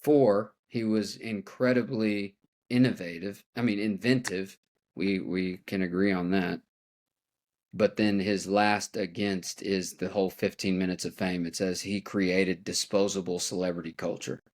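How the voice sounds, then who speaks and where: Animated man acting out quoted voices. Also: sits low, a little slow. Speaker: podcast co-host. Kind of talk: casual chat among friends.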